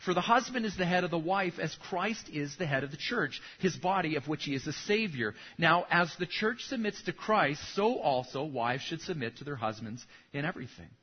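A man's voice: on the high side, expressive, moderate pace, hardly any pauses, slightly rough, muffled recording. A man who is a pastor, preaching a sermon and telling a story with acted punchlines.

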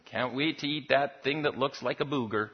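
A man voicing excited children picking out candy in a story. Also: medium pitch, normal speed, husky, highs cut off, lightly acted. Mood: eager.

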